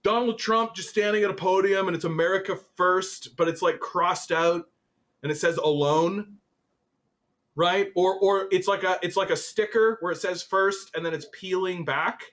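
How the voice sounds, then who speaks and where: A man hosting a political commentary show, reading an article aloud and reacting to it in an animated, swearing, exasperated way. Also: high voice, moderate pace. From Canada.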